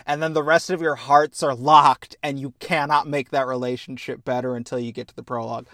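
A man's voice: mid-range voice, fairly even intonation, fairly quick, hardly any pauses, a bit bright, no echo, studio quality. A young man hosting a podcast, chatting casually and enthusiastically, swearing freely as he tells stories. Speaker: podcast host. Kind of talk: casual chat.

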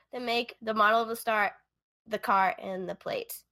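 A woman's voice: on the high side, fairly even intonation, moderate pace, sharp tone. A woman co-hosting a true-crime podcast, telling the case in a chatty way full of fillers and asides over a remote call.

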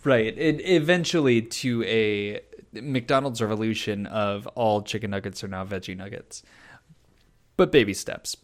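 A man co-hosting a comedy advice podcast, casual and deadpan in his jokes. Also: fairly low pitch, measured pace. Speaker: podcast co-host.

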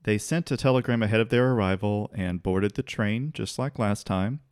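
A man's voice: fairly low pitch, normal speed, clear, resonant tone, no echo, studio quality. A man co-hosting a podcast, casually telling a history story with easy restarts and the odd laugh. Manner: relaxed, occasional restarts, laughs while telling.

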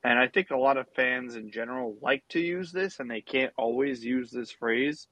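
A man's voice: mid-range voice, normal speed, sharp tone, no room sound, poor audio. Dry-sounding man talking casual sports. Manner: rambling, many restarts and fillers. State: has the hiccups. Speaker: podcast co-host.

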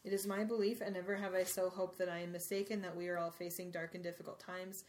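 A woman reading aloud as a wise elderly male headmaster, in a slow, hushed and measured way. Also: on the low side, little pitch movement, voice pushed down, natural voice. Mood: solemn. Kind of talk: reading a book passage aloud.

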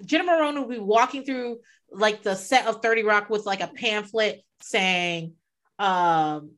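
A woman's voice: mid-range voice, measured pace, a bit bright. A woman co-hosting a casual chat, blunt and profane, laughing often.

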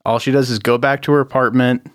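A man co-hosting a podcast in casual chat, laughing often and tossing in quick asides. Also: medium pitch, flat delivery, smooth, dry recording, clean studio sound. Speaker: podcast co-host.

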